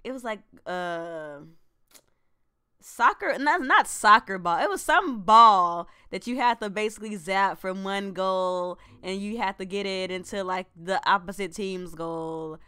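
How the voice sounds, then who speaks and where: A woman co-hosts a laid-back gaming talk, rambling in slang and laughing often. Her voice is smooth and resonant. The sound is dry and close. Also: mid-range voice, unhurried, pushed and bright, no echo. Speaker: podcast co-host. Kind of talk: casual chat.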